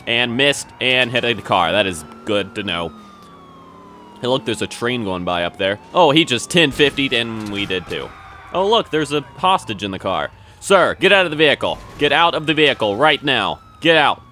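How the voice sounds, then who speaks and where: A man joking his way through gameplay commentary, playing at police radio talk and getting excitable when things go wrong. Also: mid-range voice, a little hiss or hum. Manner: jokey, rambling, mock police radio talk, excitable outbursts. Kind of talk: joking let's-play commentary.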